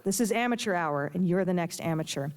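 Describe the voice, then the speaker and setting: A woman's voice: fairly low pitch, lively intonation, fast, clear, resonant tone, close to an everyday voice. A woman reading aloud, voicing a bossy, mocking female nightclub owner who is a gangster's wife.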